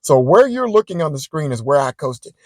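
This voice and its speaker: A man vlogging, chatting straight to his viewers as he tells a story in a casual, animated way. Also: fairly high pitch, a little fast, no room sound, rough recording.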